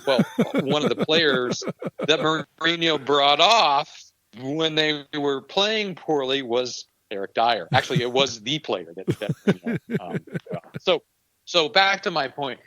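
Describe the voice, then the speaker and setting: A man's voice: on the high side, big pitch swings, unhurried, sharp tone, no echo. A man co-hosting a casual sports podcast, sharing skeptical, opinionated views while thinking aloud. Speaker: podcast co-host. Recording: dull, dry home recording.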